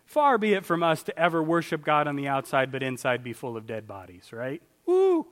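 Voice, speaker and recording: A man preaching a sermon in a church, animated, swinging between loud exclamations and quiet asides. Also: mid-range voice, brisk, big-room sound. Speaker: pastor.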